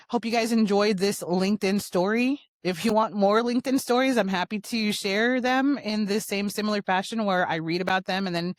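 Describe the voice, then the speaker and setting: A woman hosting her own show, telling a personal story in a fast, animated, blunt way. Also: lowish voice, no room sound. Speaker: show host.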